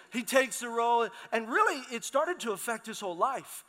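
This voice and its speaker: A middle-aged man preaching a sermon as pastor, telling lively stories and calling out to his congregation. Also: extremely high pitch, moderate pace. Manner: lively storytelling, calls out to the congregation. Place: large church hall. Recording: long hall reverb in a church.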